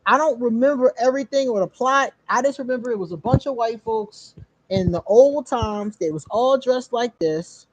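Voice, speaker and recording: A woman, hosting a casual live stream where she reads cards for viewers, animated and quick to laugh. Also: a little high, dry recording, lo-fi sound. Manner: animated, laughs often, drawn-out emphasis. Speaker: host doing card readings for viewers.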